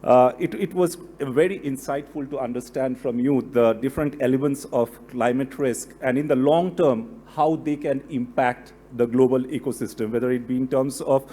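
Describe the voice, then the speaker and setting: A man's voice: mid-range voice, moderate pace, few pauses, warm tone. A man, a deputy director, giving a formal thank-you speech after a lecture, hesitant with many fillers. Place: lecture hall.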